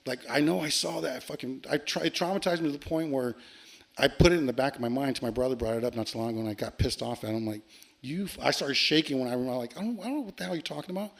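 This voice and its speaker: A man telling a long ghost story on a podcast, animated and profane, acting out the lines he quotes. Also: mid-range voice, fast, gravelly. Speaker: podcast guest. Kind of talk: casual storytelling.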